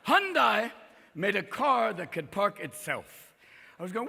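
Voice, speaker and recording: A man doing a stand-up comedy set, talking in a manic, rapid-fire way and jumping into shouted character voices in front of a live audience. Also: sits high, animated, vocal fry, a little hiss or hum. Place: large hall with a live audience. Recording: reverberant live hall, crowd faintly behind.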